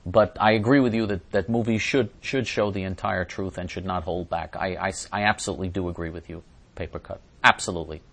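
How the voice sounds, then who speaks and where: Male talk host, lowish voice; reads out viewer messages and answers them with blunt indignation. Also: fairly even intonation, brisk, fairly bright tone. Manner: blunt and indignant, with frequent restarts. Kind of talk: opinionated monologue reading viewer comments.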